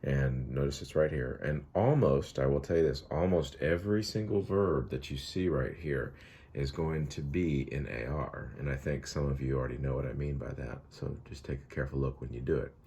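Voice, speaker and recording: A middle-aged man, a Spanish teacher, giving a recorded online lesson in a relaxed, chatty way with many fillers. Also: rumbling low, moderate pace, husky.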